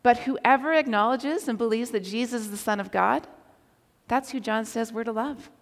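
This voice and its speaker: A woman preaching a sermon, telling a personal story with animated delivery and occasional shouted quotes. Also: fairly high pitch, moderate pace. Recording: long reverb of a large hall.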